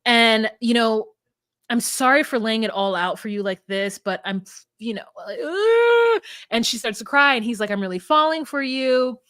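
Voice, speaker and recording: Animated woman telling a story, dry sound. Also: a little high, normal speed, dry recording. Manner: animated storyteller, laughs often. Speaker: podcast co-host. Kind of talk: casual recap chat.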